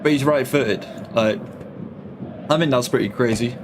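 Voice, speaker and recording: There's a noisy background and faint music as a young man, mid-range voice and moderate pace, chats casually from home during a live football watch-along. He leans on slang and reads comments from his chat.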